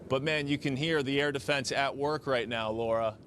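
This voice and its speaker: A man reporting live outdoors in a city, steady and measured. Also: mid-range voice. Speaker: field news reporter. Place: outdoors in a city during air defense fire. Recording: outdoor street noise and air defense.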